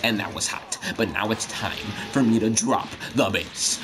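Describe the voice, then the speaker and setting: A man's voice: lowish voice, moderate pace, few pauses, music in the background. Rambling, profane young man commentating gameplay. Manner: rambling, profane, freestyle-rapping jokester. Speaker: gaming channel host. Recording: noticeable background noise.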